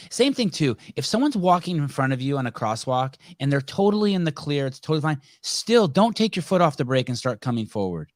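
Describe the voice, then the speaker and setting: A male podcast host with a middle-pitched voice tells anecdotes in an easy, chatty way. The recording sounds dry and close, with little room echo. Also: a little fast, hardly any pauses. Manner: relaxed, chatty, swears casually. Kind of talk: casual conversation.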